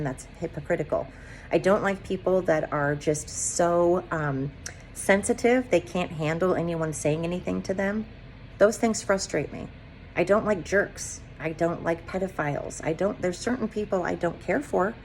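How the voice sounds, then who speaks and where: A woman's voice: on the low side, darkish tone, slight background noise. Fired-up woman ranting on her podcast. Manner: impassioned ranting with rapid-fire rhetorical questions; rambling, self-described digressive. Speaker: podcast host. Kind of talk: solo podcast monologue.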